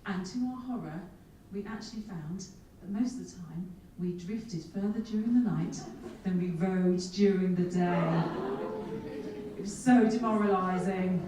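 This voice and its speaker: A woman's voice: mid-range voice, a little hiss or hum. Woman telling funny stories in an echoey hall. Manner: lively, self-mocking storyteller with comic asides. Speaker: keynote speaker. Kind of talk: humorous keynote storytelling. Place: large conference hall. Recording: echoey hall, speaker far from mic.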